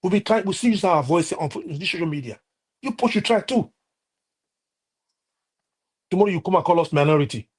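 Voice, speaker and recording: Heated husky Nigerian man ranting. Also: sits high, lively intonation, a little fast, pauses often. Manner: impassioned, repetitive, many restarts and fillers. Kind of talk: heated political rant.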